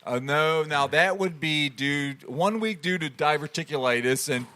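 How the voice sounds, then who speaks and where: A man co-hosting a podcast, telling stories in relaxed casual banter with wry jokes. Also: on the high side, measured pace. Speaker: podcast co-host.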